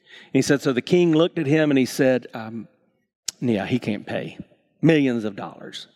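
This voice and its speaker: A male pastor preaching a sermon, telling stories and acting out the characters with big swings in pitch and volume, often restarting his words. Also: animated, moderate pace, a little mellow. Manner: stammering restarts.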